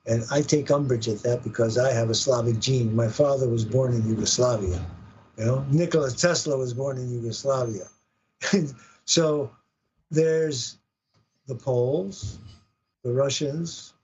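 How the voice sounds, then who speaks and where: A man's voice: medium pitch, darkish tone, lo-fi sound, slight background noise. A man talking as a podcast guest, emphatic and listing things one by one. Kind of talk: casual talk show conversation.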